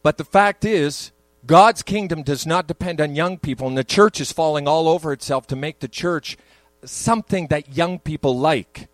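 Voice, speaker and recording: In a church sanctuary, an older male pastor preaches a sermon, shifting between conversational asides and emphatic peaks. His voice is a little high and his pace moderate, with no echo, though the recording is rough.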